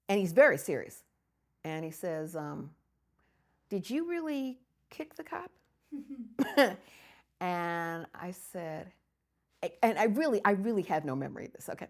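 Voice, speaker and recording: An older woman from the United States, recounting memories in an interview with lively storytelling and frequent laughter. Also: fairly low pitch. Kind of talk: oral history storytelling.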